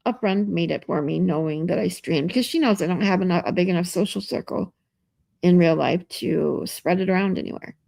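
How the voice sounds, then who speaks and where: A woman's voice: fairly low pitch, brisk, gravelly, mellow, no room sound, studio quality. A woman live streamer chatting casually with her viewers, reading out and answering their comments and laughing often, from a hotel room.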